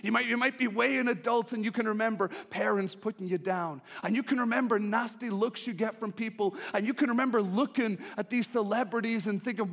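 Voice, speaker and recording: A man preaching a sermon, impassioned and pleading, who moves from hushed tones to shouting and repeats his appeals. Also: high voice, a little fast, gravelly, few pauses.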